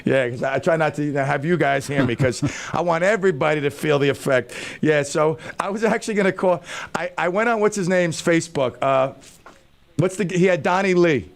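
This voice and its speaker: A man's voice: on the high side, a little fast, creaky. A man hosting a radio talk show, bantering in a joking, self-mocking way into a studio microphone.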